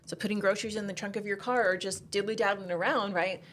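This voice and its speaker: Fast-talking chatty woman. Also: medium pitch, steady tone, fairly bright tone, a little hiss or hum. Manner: chatty, upbeat, fond of "like". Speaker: women's shooting program leader. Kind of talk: casual podcast conversation.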